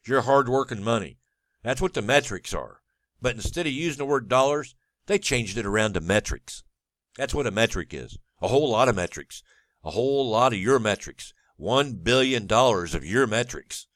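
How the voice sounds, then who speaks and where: A man's voice: medium pitch, lively intonation, moderate pace, a bit bright, no room sound. Sarcastic ranting man, dry close sound. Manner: sarcastic, mocking; blunt and profane. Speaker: political commentator. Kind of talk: ranting commentary over a clip.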